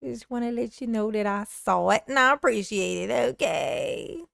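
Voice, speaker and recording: A woman's voice: fairly high pitch, animated, moderate pace, vocal fry, fairly bright tone, no room sound, clean studio sound. A woman streaming live commentary, mocking the clips she plays, laughing often and answering her viewers' chat. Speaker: streamer reacting to court clips. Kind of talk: livestream commentary.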